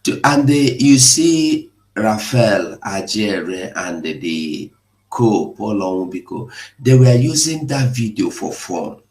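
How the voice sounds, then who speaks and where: A man's voice: fairly low pitch, sing-song, takes it slowly, darkish tone, roomy sound, low-quality recording. A man, giving an impassioned, rhetorical live broadcast. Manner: emotional, rhetorical, mocking laughs at times. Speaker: online broadcaster.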